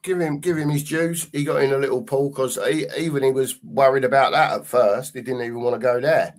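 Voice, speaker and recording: A man's voice: medium pitch, fairly even intonation, a little fast. Man, co-host, casual chat, rambling, matey. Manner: matey, rambling, full of fillers. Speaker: podcast co-host.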